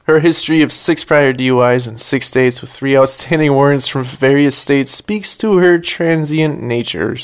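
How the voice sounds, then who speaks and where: A man's voice: medium pitch, normal speed, few pauses, clear, resonant tone. A man co-hosting a casual drinking podcast, reading a news story aloud and dropping dry comments between lines.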